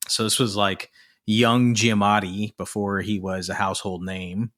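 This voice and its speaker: A man's voice: fairly low pitch, level tone, a little slow, fairly bright tone. A man in his thirties co-hosting a film podcast, talking casually and swearing freely. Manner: casual and profane, with lots of filler. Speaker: podcast co-host.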